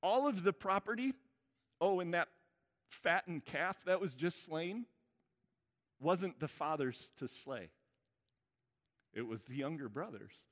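A man's voice: on the high side, animated, slow, pauses often, a bit bright. A man preaching a sermon in a conversational way, often checking in with the congregation. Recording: church hall reverb.

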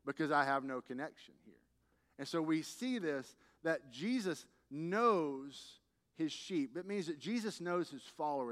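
Higher-voiced man preaching in a reverberant hall. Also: animated, normal speed, fairly bright tone. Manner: conversational preaching with playful repetition. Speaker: pastor. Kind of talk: sermon. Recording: long reverb of a large hall.

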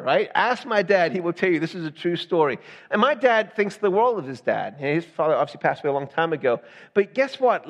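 A man with a fairly high voice preaches to his congregation in a chatty, conversational way. He keeps checking in with the listeners with "right?". His voice rings out in a long reverb from a large church hall. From Southern United States. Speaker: pastor. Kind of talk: sermon.

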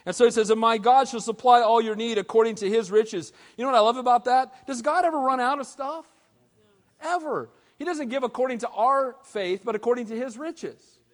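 A man preaching a sermon as pastor, animated and conversational, with casual slang. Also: very high-pitched, brisk. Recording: long hall reverb.

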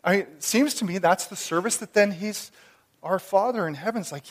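A man in his thirties or forties preaching a sermon as a pastor, conversational and animated. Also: high-pitched, normal speed. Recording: long reverb of a hall.

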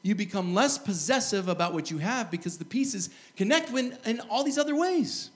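A middle-aged man preaching a sermon, telling stories with lively asides and chuckles. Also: high-pitched, moderate pace. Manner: lively storytelling, animated asides and laughs. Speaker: pastor.

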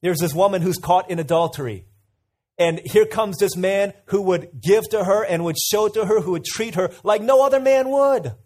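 A man's voice: sits high, normal speed, darkish tone. A man preaching a sermon in a conversational way, asking listeners questions and telling stories. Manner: conversational, asks the audience questions, tells anecdotes.

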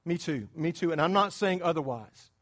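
A man delivers a sermon with a notably high voice. He talks with his congregation more than at them, checking in with quick questions. He drops to near whispers, then climbs into loud, emphatic bursts. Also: lively intonation. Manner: conversational preaching, quizzing the congregation; swings between hushed asides and loud emphatic bursts. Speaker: pastor.

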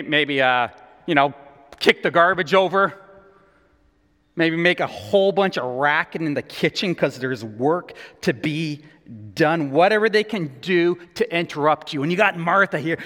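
A male pastor preaching a sermon, animated and conversational as he tells the story. His voice sits higher than most men's. A long reverb from the hall trails behind his words.

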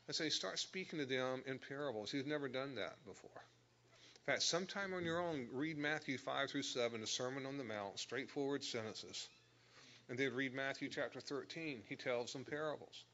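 A man's voice: medium pitch, fairly bright tone, dull audio. A man teaching a Bible lesson, explaining verse by verse and stressing key words. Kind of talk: sermon.

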